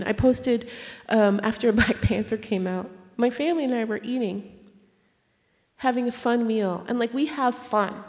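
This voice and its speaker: An American woman author, her voice on the high side and her pace normal, tells stories during a stage conversation in an auditorium. She is animated, laughs, and acts out the people she quotes. The public-event recording carries a long hall reverb.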